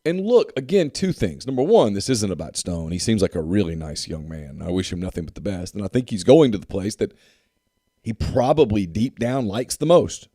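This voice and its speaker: A man's voice: lowish voice, animated, normal speed, mellow, no echo, studio quality. A man co-hosting a sports podcast in casual chat, emphatic and repeating points for effect. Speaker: podcast co-host.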